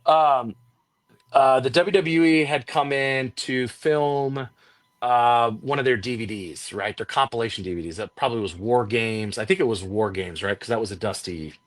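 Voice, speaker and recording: A man's voice: normal speed, no room sound. A man who works as a wrestling commentator, telling a story as an interview guest in casual talk, acting out the quotes of others with a raised voice. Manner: animated storyteller, acts out quotes with raised pitch.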